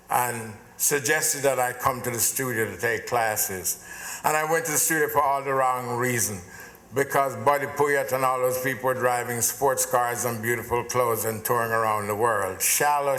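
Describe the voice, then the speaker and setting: A man's voice: mid-range voice, bright, forceful tone. An older man with a Jamaican accent, giving an award acceptance speech in a chatty, storytelling way with self-deprecating humor. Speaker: award honoree, dancer. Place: large event hall. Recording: echoey hall with long reverb.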